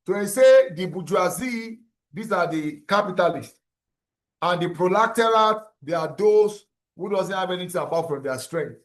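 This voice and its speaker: High-voiced male lecturer. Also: fairly bright tone. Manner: explains slowly, repeats terms and checks if students follow. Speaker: university lecturer. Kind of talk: classroom lecture.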